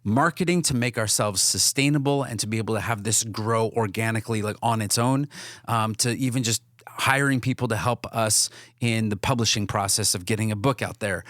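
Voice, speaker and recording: A man's voice: fairly low pitch, brisk, fairly bright tone, dry recording, clean studio sound. Earnest man hosting a podcast. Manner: earnest, many restarts and fillers. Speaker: podcast co-host. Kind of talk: casual podcast chat.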